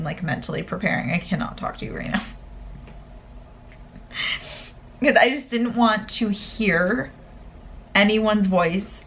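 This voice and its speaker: A woman talks straight to her camera in a loose, rambling way, full of fillers and restarts. She sounds tearful and worn out after a stressful exam, her voice sitting at an ordinary middle pitch. A faint hiss of noise runs underneath. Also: a bit bright. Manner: rambling, emotional, with many fillers. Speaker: vlogger. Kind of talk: casual talk to camera.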